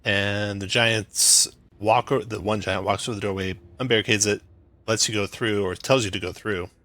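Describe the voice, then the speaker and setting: A man narrating as game master of a tabletop game, describing scenes briskly with frequent fillers. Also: on the low side, fairly even intonation, sharp tone.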